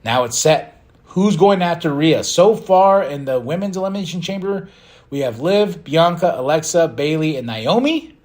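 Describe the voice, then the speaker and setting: Man, podcast host, casual recap, animated delivery, slightly high pitch. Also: moderate pace. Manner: animated, opinionated, acts out quotes.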